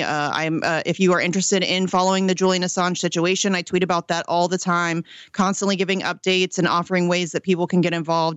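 Woman, from Ohio, radio guest, casual talk, filler words, smooth voice, dry close sound. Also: on the low side, a bit bright, dry recording. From Ohio, USA. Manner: chatty, many ums and restarts, laughs often. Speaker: political activist guest.

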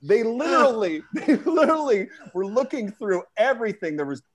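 A man's voice: very high voice, normal speed. A man co-hosting a podcast, telling a profane comedic anecdote with lots of energy and acting out the other people. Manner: animated, acts out voices in anecdotes, profane. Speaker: podcast co-host. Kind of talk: casual comedic storytelling.

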